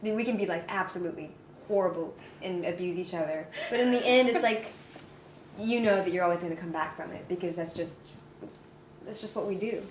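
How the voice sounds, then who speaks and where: A woman's voice: on the low side, fairly quick, a little hiss or hum. An American woman musician speaking earnestly and reflectively in a casual interview. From United States. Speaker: musician guest. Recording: roomy room.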